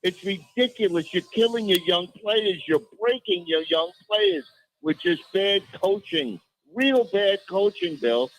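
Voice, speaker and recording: A man's voice: high voice, animated, unhurried, gravelly, low-quality recording. A man calling in to a sports radio show, exasperated and repeating rhetorical questions. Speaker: caller. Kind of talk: phone-in rant.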